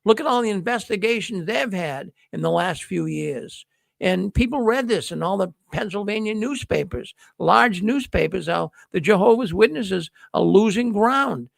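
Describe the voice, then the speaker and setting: Gravelly folksy man, high voice. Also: lively intonation, normal speed, no echo. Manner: folksy storytelling, acts out quoted dialogue. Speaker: host of a news livestream. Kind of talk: casual monologue to viewers.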